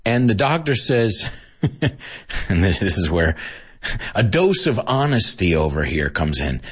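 A man's voice: lowish voice, a little slow, long pauses, slightly rough. A man, chatting as he teaches English through a film scene and slips into Spanish to explain words. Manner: switches between English and Spanish, animated and chatty.

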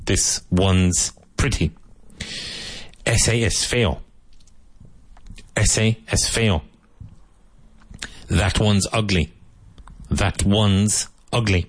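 A man teaching English on the radio, repeating each phrase slowly so learners can copy it. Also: lowish voice, no room sound. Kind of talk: radio language lesson. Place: radio studio.

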